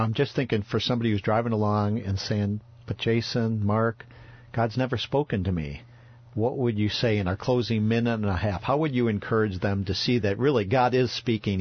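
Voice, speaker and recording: A man hosting a radio talk show, calmly asking his guest an encouraging closing question. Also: lowish voice, no echo, lo-fi sound. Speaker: radio host. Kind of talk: interview questions.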